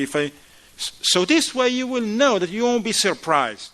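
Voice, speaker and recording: Lively higher-voiced man preaching casually. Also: normal speed. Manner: conversational, acts out dialogue, swings loud and soft. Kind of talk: informal sermon.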